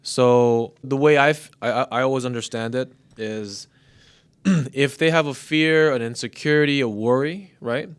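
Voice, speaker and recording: A man in his thirties talks through ideas in a casual podcast chat, circling back and restarting his phrases. His voice is smooth and resonant at a mid pitch. The sound is close and dry. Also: measured pace, no room sound. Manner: explains in loose, restarting phrases with light laughs. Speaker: podcast co-host.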